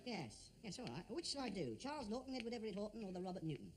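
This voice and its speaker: A man's voice: sits high, very animated, very fast, a little hiss or hum. A man playing a vain, blustering actor who thinks himself a great Shakespearean star, in old radio comedy. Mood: pompous. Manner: grandiose, self-important, bluster. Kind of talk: 1950s radio comedy acting.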